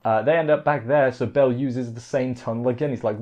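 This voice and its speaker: This anime reviewer talks a little fast with hardly any pauses, his mid-range voice a little mellow and fairly even in intonation. Recapping an episode in a loose, rambling way, he keeps restarting words and plugging gaps with "like" and "you know," and the lo-fi recording is dull with faint background music.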